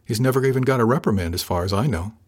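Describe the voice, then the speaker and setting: A man reading the part of a blunt, sardonic woman officer, speaking flatly and a little higher than his own voice. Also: very fast, husky, natural voice.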